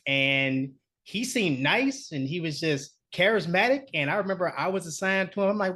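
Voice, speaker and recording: Male co-host, lively anecdote-teller, swears freely, laughs a lot. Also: sits high, normal speed, hardly any pauses. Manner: animated, profane, laughs often. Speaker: podcast co-host. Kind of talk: casual storytelling chat.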